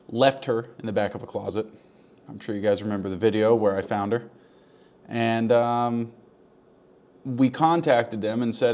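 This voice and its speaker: A man's voice: on the low side, a little mellow. A young man delivering a crude, mock-earnest comedic monologue, rambling and swearing as he talks to the camera. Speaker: comedy vlogger.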